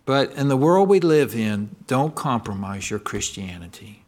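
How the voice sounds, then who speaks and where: Lively preacher man asking questions. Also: measured pace. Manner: asks the congregation call-and-response questions; swings between loud emphatic lines and low quiet ones. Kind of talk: sermon.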